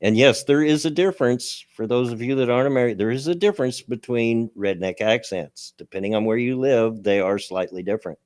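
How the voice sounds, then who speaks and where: A man's voice: medium pitch, brisk, few pauses, darkish tone, dry recording, studio quality. A man from Kentucky with a Kentucky accent, hosting a casual talk show and reading out chat messages in an easygoing way. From Kentucky, USA. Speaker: host.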